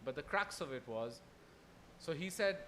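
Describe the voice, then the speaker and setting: A young man from Pakistan telling his own story on a festival stage, earnest and halting, with many restarts. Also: on the high side, expressive, fairly bright tone, slight background noise. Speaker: festival speaker. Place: festival hall.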